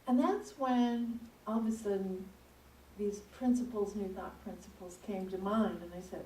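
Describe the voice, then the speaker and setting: A woman speaking from the pulpit, telling a personal story in an animated, conversational way. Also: a little high, normal speed. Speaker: speaker at a spiritual center. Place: church hall. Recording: echoey room, mic at a distance.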